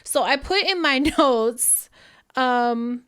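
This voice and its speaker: A fairly high-pitched woman telling a story on a casual podcast. She is animated and curses freely. She acts out the lines of the people in her story. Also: slow pace, clean tone. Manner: animated, profane storytelling with acted-out quotes. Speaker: podcast co-host.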